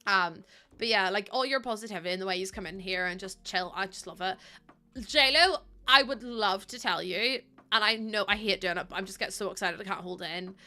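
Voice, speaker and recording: A woman streamer chatting casually with her live chat, excitable and talkative, laughing often. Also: medium pitch, fairly quick.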